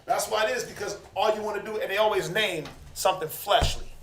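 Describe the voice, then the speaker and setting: Male Bible class teacher, high voice, lively and call-and-response, acts out the people he quotes; echoey room. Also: quick pace, a little hiss or hum. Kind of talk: interactive scripture class.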